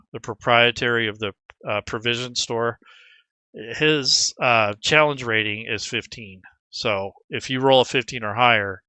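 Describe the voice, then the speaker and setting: A man's voice: medium pitch, sharp tone, clear, resonant tone, no echo. A man talking casually through a tabletop game prep tutorial, rambling with frequent restarts as game master. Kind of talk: screen-recorded tutorial.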